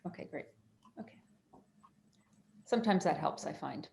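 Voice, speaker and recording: A woman's voice: deep voice, lively intonation, moderate pace, vocal fry, darkish tone, a little hiss or hum. A woman therapist chatting on a video call, easygoing and laughing often, with many restarts. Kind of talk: casual panel chat on a video call.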